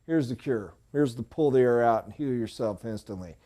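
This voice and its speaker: A man giving a motivational sales training talk, emphatic, repeating short punchy phrases and swinging from quiet and low to loud and high. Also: lively intonation, normal speed.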